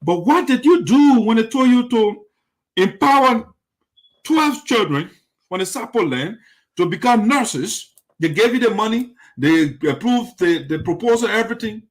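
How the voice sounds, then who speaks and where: A man's voice: high voice, expressive, unhurried. A man hosting a critical political commentary, indignant and full of rhetorical questions that circle back to the same points. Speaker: commentary show host.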